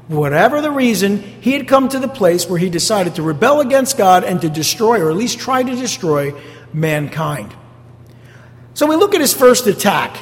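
A male pastor preaching a sermon, emphatic, repeating key phrases and asking the congregation rhetorical questions. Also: extremely high pitch. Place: church sanctuary. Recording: long church hall reverb.

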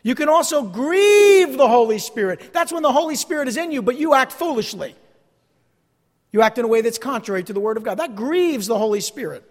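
A man preaching a sermon as pastor, emphatic, repeating key phrases and swinging between loud declarations and hushed asides. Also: extremely high pitch, animated, brisk. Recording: long hall reverb.

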